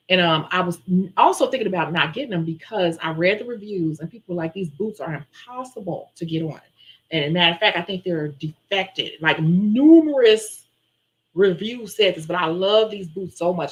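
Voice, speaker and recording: A woman who runs a nail-tech channel, chatting casually on a live stream and telling a story in an animated way. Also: fairly low pitch, low-quality recording. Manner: chatty, animated storyteller who acts out her own quotes.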